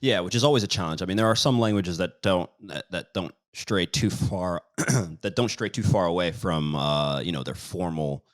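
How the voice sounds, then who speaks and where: A man from the United States, hosting a casual interview in an easygoing, deliberate way. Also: sits low, no room sound, clean studio sound. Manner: easygoing, deliberate host with fillers. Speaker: channel host, interviewer.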